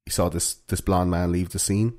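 A man's voice: deep voice, fairly even intonation, normal speed, a little mellow. A man hosting a casual true-crime podcast, rambling with plenty of fillers. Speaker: podcast host.

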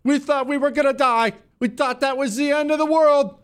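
Man doing a squeaky fake-weepy young woman, mocking, falsetto way up high. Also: steady tone, normal speed.

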